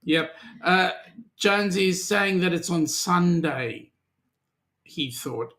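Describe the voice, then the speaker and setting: A man's voice: high voice, lively intonation, slow pace, fairly bright tone. A man with an Australian accent co-hosting a casual live-stream chat, greeting viewers by name and teasing them. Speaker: podcast co-host.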